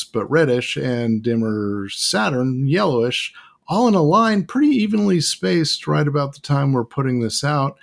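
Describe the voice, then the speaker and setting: A man's voice: mid-range voice, vocal fry. A man chatting on a radio show as its regular science guest, enthusiastic and playful. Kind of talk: casual radio chat.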